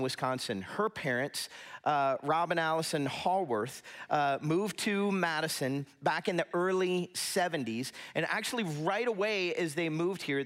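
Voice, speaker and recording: A man's voice: a little high, a bit bright, smooth. A middle-aged man as pastor, preaching a conversational sermon with storytelling and asides in a church sanctuary.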